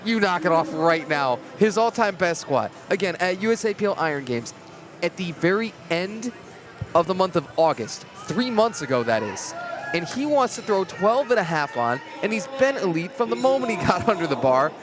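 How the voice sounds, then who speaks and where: A man with a fairly high voice gives lively, joking play-by-play commentary on a livestream at a normal pace. He's chatty and excitable and sounds a bit out of breath.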